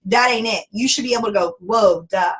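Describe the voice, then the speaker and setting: A woman's voice: mid-range voice, a little fast, poor audio. A woman, giving a folksy, sassy motivational business training talk. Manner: sassy, folksy and animated, acts out quoted voices. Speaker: network marketing team leader.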